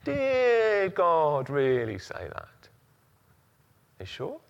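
A man voicing a sly male devil who softly coaxes doubt with insinuating questions. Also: a little high, very animated, slow, lo-fi sound, exaggerated voice. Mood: sly, coaxing.

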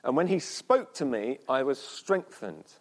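An earnest man preaching to a church service at a mid-range pitch. He pauses and restarts, then slows down to repeat key words with weight. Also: big pitch swings, husky. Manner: earnest, pausing, with restarts and slow emphatic repeats. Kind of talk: sermon.

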